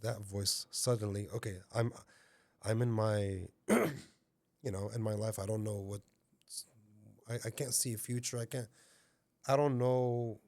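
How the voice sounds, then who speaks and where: A man's voice: lowish voice, steady tone, unhurried, pauses often, darkish tone, no room sound. A man who is a podcast guest, sharing a personal testimony and animatedly repeating himself as he tells his story.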